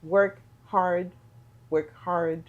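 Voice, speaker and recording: A woman's voice: fairly low pitch, fairly even intonation, drawn-out words, narrow, tinny audio. A middle-aged woman from Haiti, a business owner and podcast guest, speaking earnestly and repeating words for emphasis. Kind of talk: casual podcast conversation.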